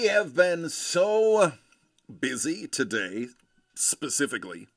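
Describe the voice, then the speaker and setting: A man hosts a casual livestream, his bright, forward voice swooping up and down as he jokes and greets viewers by name. He sits a touch high for a man, and the sound is dry and close. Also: expressive, unhurried, no echo. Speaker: livestream host.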